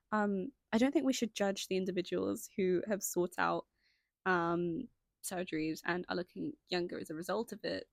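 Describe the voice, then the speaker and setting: A young woman narrates a scripted video essay in a mid-pitched voice with heavy vocal fry. She reads her points steadily, then drifts into chatty, self-conscious asides. The sound is close and dry. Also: no room sound. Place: indoors at home, lighting changing.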